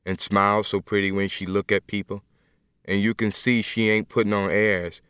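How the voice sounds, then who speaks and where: A man reading an audiobook as a humble, gentle young man in jail, speaking slowly and earnestly in plain dialect. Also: on the low side, flat delivery, smooth, no echo, clean studio sound, lightly acted. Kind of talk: audiobook first-person reading.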